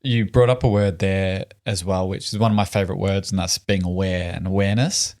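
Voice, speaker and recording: A man's voice: deep voice, fairly even intonation, a little fast. A man hosting a podcast interview, listening attentively and asking reflective questions. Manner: attentive, warm listener with frequent affirmations. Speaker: podcast host. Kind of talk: interview conversation.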